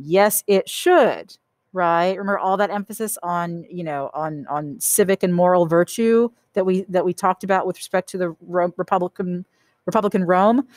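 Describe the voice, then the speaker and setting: A woman's voice: lowish voice, moderate pace, darkish tone, no room sound. Chatty woman lecturing, dry sound. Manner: conversational, checks in with frequent "okay?" and "right?"; emphatic, repeats key points. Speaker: art history teacher. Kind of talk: recorded lecture.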